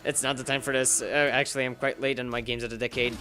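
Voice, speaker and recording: A man's voice: mid-range voice, flat delivery, quick pace, bright, forceful tone. Rambling sarcastic man commenting on gameplay. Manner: rambling, sarcastic, emphatic bursts. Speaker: gaming YouTuber. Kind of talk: casual playthrough commentary.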